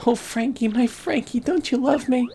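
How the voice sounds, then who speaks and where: A woman's voice: sits high, moderate pace, mellow, slight background noise, voice pushed up. A woman voicing a dramatic, lovesick young runaway woman in a video game, melodramatic and gushing.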